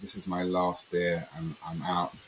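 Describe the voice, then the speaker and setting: A man's voice: sits low, measured pace, a little hiss or hum, rough recording. A man telling a personal story in a conversational interview, rambling and acting out quotes. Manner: rambling, animated storyteller who acts out quotes. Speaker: podcast guest.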